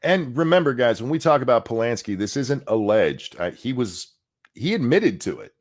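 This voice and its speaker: A man's voice: medium pitch, very animated, normal speed. Middle-aged guy ranting on a podcast, voice all over the place, super opinionated. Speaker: co-host. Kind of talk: casual podcast chat.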